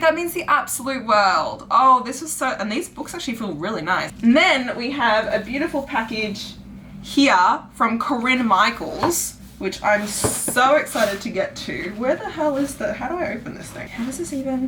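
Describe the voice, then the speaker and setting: A woman book vlogger unboxing packages in a casual vlog, gushing and squealing with excitement. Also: a little high, normal speed, a little hiss or hum.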